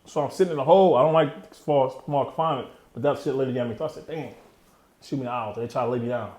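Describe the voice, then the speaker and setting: Fast-talking streetwise man in his thirties. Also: mid-range voice, dark tone, echoey room. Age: 30s. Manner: streetwise, emotional, heavy slang, trailing off. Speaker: interview guest. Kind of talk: candid storytelling interview.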